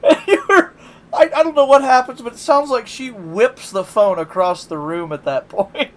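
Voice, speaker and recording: A man's voice: very high voice, normal speed. A man streaming live, chatting casually and telling stories with lots of laughter. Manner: laughs often, animated storytelling.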